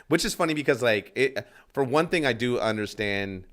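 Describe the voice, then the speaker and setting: A man's voice: mid-range voice, animated, normal speed, fairly bright tone. A man in casual podcast chat, telling rambling stories with many restarts. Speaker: podcast host.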